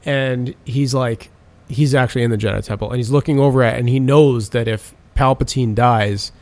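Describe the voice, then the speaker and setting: A man's voice: medium pitch, moderate pace. Guy rambling thru a movie recap, cussing constantly, regular middle voice. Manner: profane, rambling storytelling; animated retelling of film scenes. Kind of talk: casual chat.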